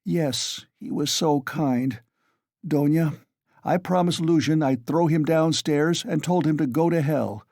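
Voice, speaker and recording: A man's voice: on the high side, a little slow, warm tone, dry recording, studio quality, voice pushed up. A man reading an audiobook, voicing a feverish, overwrought young man who talks in agitated, insistent bursts. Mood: irritable.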